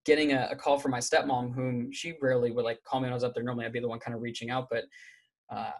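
A man as an interview guest, telling a personal story candidly, with halting speech and many restarts. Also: medium pitch, little pitch movement, slight background noise.

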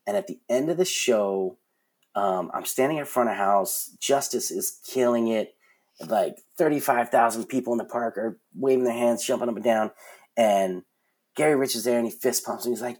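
A man in his forties tells stories as an interview guest, his voice a little husky. He talks in an animated way and restarts his sentences often, filling gaps with "um" and "like". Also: medium pitch, moderate pace. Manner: animated storyteller, many fillers and restarts. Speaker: concert production guest. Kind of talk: casual interview storytelling.

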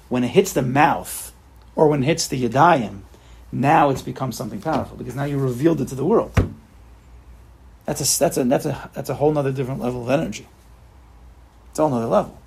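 A man leading an informal religious study group, animated and repetitive, acting out examples for his listeners. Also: medium pitch, slightly rough. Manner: animated, repeats himself, acts out examples. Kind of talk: informal religious class talk.

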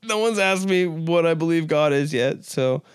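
Crude, rambling young man with a smooth voice. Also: on the high side, expressive, moderate pace, dry recording, clean studio sound. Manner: crude, rambling mock-serious riffing. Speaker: podcast host. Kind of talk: comedic monologue.

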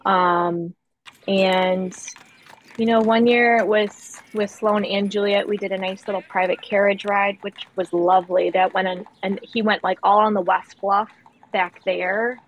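A woman's voice: mid-range voice, a little slow, highs cut off. A woman in her thirties telling a host about family trips in a rambling, casual way, with lots of fillers. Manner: rambling storyteller, many "like" and "um" fillers, animated when quoting people. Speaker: guest. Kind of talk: casual chat.

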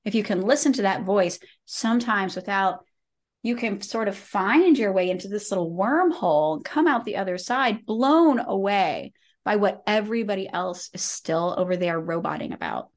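Animated chatty woman host. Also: medium pitch, normal speed. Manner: animated, playful, laughs often, lots of "like". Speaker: podcast host. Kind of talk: casual conversational interview.

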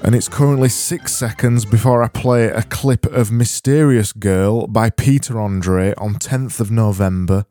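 A man hosting a solo comedy podcast, rambling in a deadpan, self-deprecating way with frequent restarts. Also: fairly low pitch, a little slow, hardly any pauses, no room sound, faint music behind. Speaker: podcast host.

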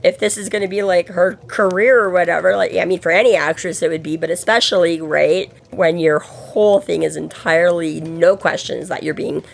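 A woman's voice: fairly low pitch, fairly quick, vocal fry, hardly any pauses. A woman co-hosting a podcast in casual chat, acting out quoted lines with a lot of laughter. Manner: animated, acts out quotes with laughter. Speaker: podcast co-host.

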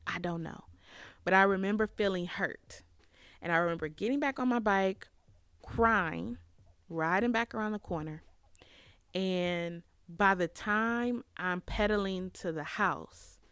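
A woman in her thirties telling a reflective personal story as a podcast host, with fillers and pauses. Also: mid-range voice, fairly bright tone, smooth, no room sound. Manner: reflective, tearful at times, with fillers.

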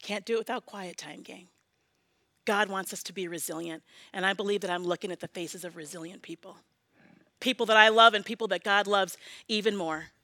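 A woman in her forties preaching a sermon as pastor, earnest and personal, often dropping to a soft prayerful hush. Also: mid-range voice, fairly quick, dry recording. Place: church sanctuary.

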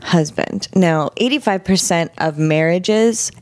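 Low-voiced woman telling her story frankly. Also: takes it slowly, dry recording. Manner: frank, animated, vivid retelling with quoted dialogue. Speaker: interview guest. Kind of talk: candid personal storytelling.

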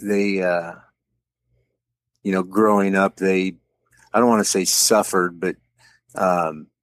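A man from the American Midwest with a very deep voice, speaking haltingly in a casual discussion. The sound is dry and close, with no room echo. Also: steady tone. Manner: halting, searching for words.

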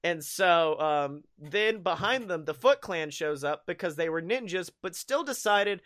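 A man's voice: on the high side, animated, a little slow, few pauses, a bit bright. A man hosting a podcast, recapping a movie in a rambling, profane way with frequent laughs. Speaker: podcast host. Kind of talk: casual chat recapping a movie.

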